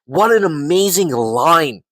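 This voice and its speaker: A man reviewing a show in a casual, excitable way, swearing and saying "like" often. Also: on the high side, slow pace, no room sound, rough recording.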